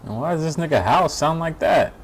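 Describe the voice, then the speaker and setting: A man's voice: a little high, expressive, fairly quick, a little hiss or hum. A man hosting a stream, giving casual reaction commentary in a blunt, profane and mocking way, laughing often. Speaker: streamer host.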